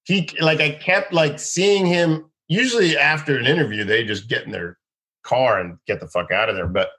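Animated man telling wild stories. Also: normal speed. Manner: animated, acts out people in high excited bursts. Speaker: comedian guest. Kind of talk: casual storytelling.

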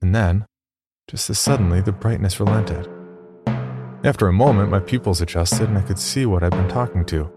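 Deep male narrator, wry and deadpan, first-person horror read over music. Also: moderate pace.

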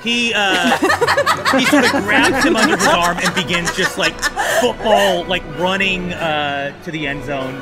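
A man running a tabletop game as game master, narrating in an animated, profane, rambling way. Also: high-pitched, a little slow, loud music behind the voice, over a noisy crowd.

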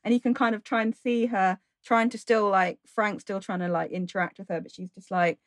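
A woman's voice: medium pitch, fairly even intonation, fairly quick, no echo. Woman podcast guest, casual chat, enthusiastic, dry close sound. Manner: enthusiastic, acts out characters' thoughts. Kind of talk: casual chat about a TV adaptation.

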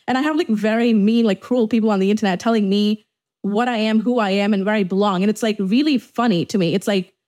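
A woman's voice: medium pitch, fast talker, darkish tone. A young woman from Dubai hosting her podcast, talking through personal struggles in a frank, profane way, with many restarts and fillers. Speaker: podcast host. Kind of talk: candid confessional monologue.

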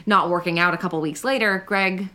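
Bright-voiced chatty woman podcast co-host. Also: on the low side, fairly quick. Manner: chatty, opinionated, teasing. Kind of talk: casual gossip chat.

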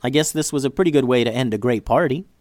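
A man's voice: mid-range voice, fast talker, darkish tone, no echo, studio quality, natural voice. A man voicing a kind, motherly woman who is hosting a party, speaking in a soothing, caring way. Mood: relieved.

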